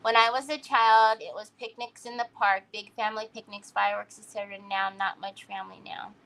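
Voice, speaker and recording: A woman's voice: mid-range voice, fairly even intonation, fairly quick, vocal fry, a bit bright. A woman hosting a crafting livestream in casual chat, playfully teasing and fondly scolding a pet while she works.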